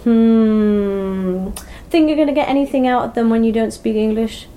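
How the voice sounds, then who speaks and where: A woman's voice: a little high, normal speed, phone-quality sound, voice pushed up, close to an everyday voice. A woman voicing a hot-tempered adult male criminal who snaps and swears in a storybook reading. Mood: wary. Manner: swearing, snapping and demanding.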